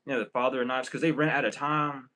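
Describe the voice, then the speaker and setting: A man's voice: medium pitch, flat delivery, fast, pushed and bright, low-quality recording. A man giving a casual spiritual reading to camera, rambling and profane, often breaking into laughter. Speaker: tarot reader.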